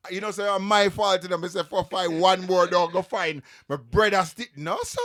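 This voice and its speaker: A man's voice: sits high, moderate pace, hardly any pauses, a bit bright. A man hosting a radio show, teasing and laughing with his guest in casual chat. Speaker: radio host.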